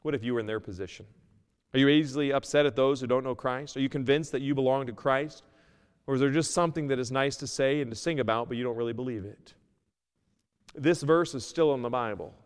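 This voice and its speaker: Male pastor, earnest sermon, smooth resonant voice, long reverb. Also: medium pitch, fast. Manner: earnest preaching, swings from loud to quiet. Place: church sanctuary.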